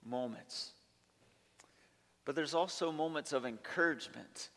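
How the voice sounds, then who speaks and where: Slow-speaking pastor in a reverberant hall. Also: male voice, fairly high pitch, a bit bright. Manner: earnest, emphatic preaching with long lists. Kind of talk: sermon. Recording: long reverb of a large hall.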